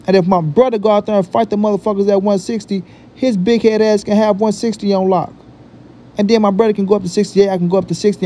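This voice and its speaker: Airing his views on his boxing vlog, this man has a high-sitting, mellow voice. His talk is emphatic and repetitive, laced with profane street slang.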